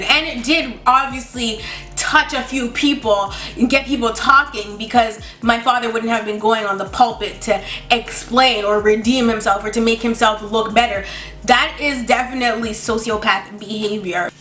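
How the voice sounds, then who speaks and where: Bright-voiced young woman ranting candidly. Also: fairly high pitch, fairly even intonation, normal speed. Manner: candid, exasperated, emphatic with mocking asides. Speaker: vlogger. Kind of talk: storytime rant. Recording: echoey room with faint music.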